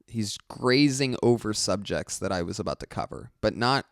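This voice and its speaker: A male comedian telling a story as a podcast guest, animated, profane and exasperated. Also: lowish voice, normal speed, no room sound, studio quality.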